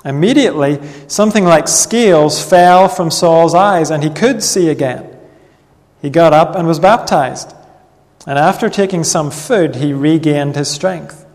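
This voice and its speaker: A man preaching a sermon in an earnest, measured way, reading Bible passages aloud. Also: a little high, darkish tone. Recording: long reverb of a hall.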